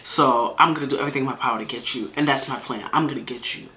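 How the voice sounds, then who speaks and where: A woman voicing a pushy, lovestruck young man who keeps repeating his pleas, in a slightly lower tone than her own. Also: rapid-fire, bright, forceful tone, slight background noise. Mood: insistent. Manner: insistent, repeats himself.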